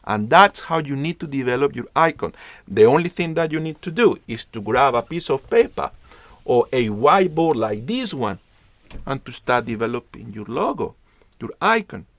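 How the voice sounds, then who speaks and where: This online branding lesson features a man whose medium-pitched voice is very animated and moves at a normal speed, with no room sound. He is emphatic, repeats what matters most, and acts out mini dialogues.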